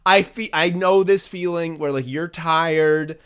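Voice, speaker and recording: A man co-hosting a comedy podcast, telling a story in casual chat, animated and often breaking into laughter. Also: a little high, a little slow, smooth. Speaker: podcast co-host.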